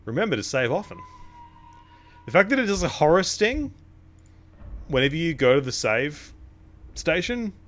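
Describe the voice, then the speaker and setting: A man's voice: on the high side, big pitch swings, normal speed, long pauses, a bit bright. A young man giving casual, wry commentary while streaming a horror game. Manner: wry, sarcastic asides.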